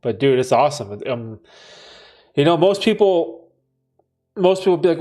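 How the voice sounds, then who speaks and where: A man's voice: mid-range voice, lively intonation, moderate pace, pauses often, darkish tone. A man hosting a casual livestream Q&A, reading chat messages aloud and answering in laid-back, slangy banter with frequent laughter. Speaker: livestream host.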